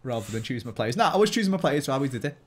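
A man with a Scouse accent from Liverpool, chatting casually as a guest player, thinking out loud and laughing easily. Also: mid-range voice, very animated. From Liverpool, England. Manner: chatty, self-questioning, quick to laugh. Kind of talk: casual gaming chat.

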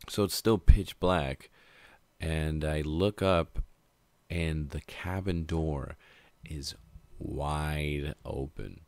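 Young male vlogger, very deep voice, dry sound, swears casually while rambling. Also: measured pace, creaky, no room sound. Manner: casual, profane, laid-back rambling. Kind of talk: storytime monologue.

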